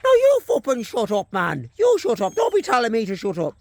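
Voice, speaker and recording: A man voicing a small, hyper male Irish dog that is cheeky, foul-mouthed and squeaky. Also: wildly swooping pitch, brisk, creaky, no room sound, full character voice. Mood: defiant. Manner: squeaky, cocky, swearing.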